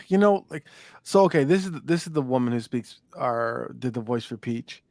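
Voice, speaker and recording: A man's voice: medium pitch, lively intonation, moderate pace, no room sound, clean studio sound. A young man co-hosting a casual chat podcast, talking in a laid-back, rambling way with lots of fillers and restarts. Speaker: podcast co-host.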